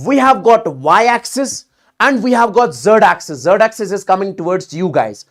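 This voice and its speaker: A man teaching physics in a live online exam-prep class, talking in animated bursts, repeating words and checking in with students often. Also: sits high.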